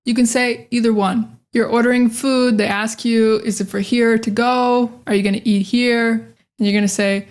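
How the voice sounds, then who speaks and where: An American woman teaching English pronunciation in an online lesson, repeating short phrases over and over in a direct, energetic way. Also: a little high, moderate pace.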